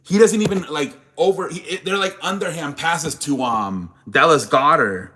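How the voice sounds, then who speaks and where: A man's voice: on the high side, moderate pace, bright, forceful tone, slight background noise. A young man hosting a live sports show, chatting casually with viewers, rambling and swearing when worked up. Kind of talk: casual live-stream chat.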